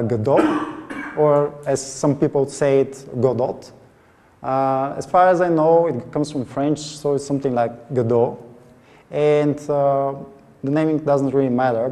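Mellow-voiced man in a hall. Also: medium pitch. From Bulgaria. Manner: hesitant, many filler sounds. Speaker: conference speaker. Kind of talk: technical conference talk. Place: large conference hall. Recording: reverberant hall sound.

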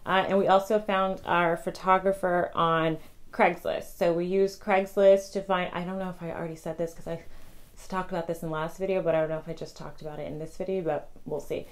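Young female vlogger, lower register, chatty and quick, casual to-camera tips. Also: flat delivery. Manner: chatty, rambling, many ums and restarts; talks fast. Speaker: vlogger sharing wedding tips.

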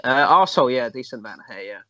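A man's voice: mid-range voice, animated, rapid-fire, sharp tone, highs cut off. A young man, co-host of a reaction video, trading crude casual banter with playful jokes. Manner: crude joking, playful repetition.

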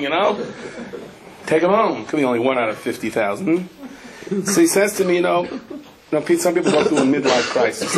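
A man, a rabbi, giving a Torah class in a lively anecdotal storytelling manner. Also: fairly high pitch, quick pace, slight background noise.

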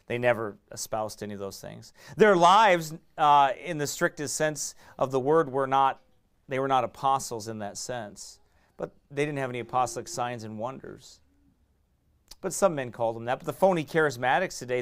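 A middle-aged pastor, preaching a sermon in fiery, emphatic bursts that swing from quiet asides to raised shouts. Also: male voice, mid-range voice, moderate pace.

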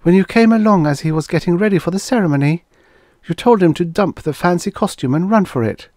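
An anxious young woman castaway on a rough alien world, her voice pitched high and pressing, as a man reading the story puts her on. She sounds urgent and edgy, with a dry, close sound and no room around it. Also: animated, brisk, a little mellow, no room sound. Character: young adult woman, anxious stranded colonist.

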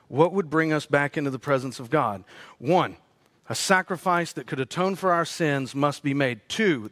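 A man preaching a sermon as pastor, swinging between loud rising peaks and hushed low asides. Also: no room sound.

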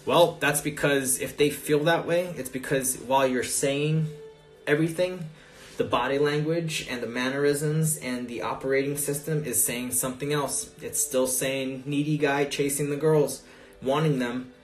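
A man coaching on dating, telling a story in a casual, profane, animated way during a live Q&A. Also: medium pitch, normal speed, soft background music.

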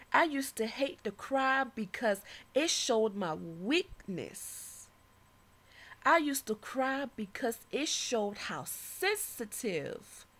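A woman performing her own spoken-word poem with passion and a preaching tone, dropping to whispers and then rising to loud declarations. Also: a little high. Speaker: poet. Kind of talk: spoken-word poetry recital.

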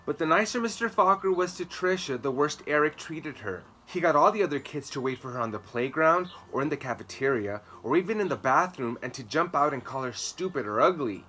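A male educator reading a children's picture book aloud, expressive, with dramatic swings between soft, slow passages and louder, livelier ones. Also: mid-range voice, soft background music. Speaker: storytime reader and educator.

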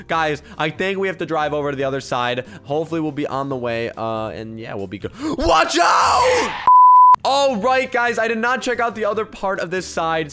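Excitable young man narrating gameplay. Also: mid-range voice. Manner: excitable, jumps between hushed and shouting. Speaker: gaming YouTuber.

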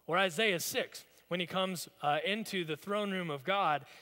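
Male pastor, bright, forceful tone, slightly higher voice, casual storytelling sermon, long church reverb. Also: normal speed. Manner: conversational, storytelling preaching. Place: church sanctuary.

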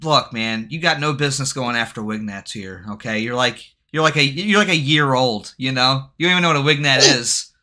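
A man's voice: mid-range voice, brisk, few pauses. A man hosting a casual stream chat, teasing and joking in banter. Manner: teasing, jokey, lively banter. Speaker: stream host.

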